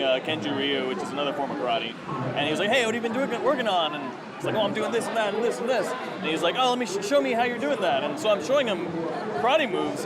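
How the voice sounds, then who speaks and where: Eager guy telling a story at a con, fairly high voice, tons of crowd noise. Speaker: convention interviewee. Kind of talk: casual interview anecdote. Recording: noisy convention crowd behind.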